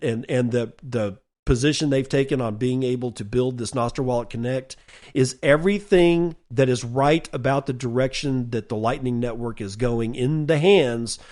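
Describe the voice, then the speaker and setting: A man's voice: medium pitch, darkish tone. A man hosting a solo podcast, reading out numbers and listener messages and ranting casually and bluntly, with some swearing. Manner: reads listener messages and figures aloud. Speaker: podcast host.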